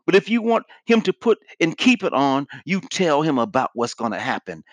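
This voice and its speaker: An earnest male preacher teaches in an emphatic sermon style and drives his points home by repeating them. His voice sits a little high. The sound is dry and close. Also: big pitch swings, normal speed, dry recording. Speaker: evangelism teacher.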